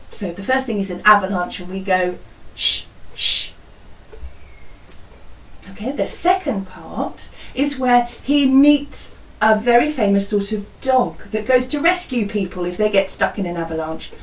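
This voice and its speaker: A woman teaching children a song, speaking slowly and clearly, singing lines and modelling the sound effects for them. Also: a little high, roomy sound, distant mic, poor audio. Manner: slow, clear and encouraging, sings parts and animal sounds. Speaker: music teacher leading a school singalong.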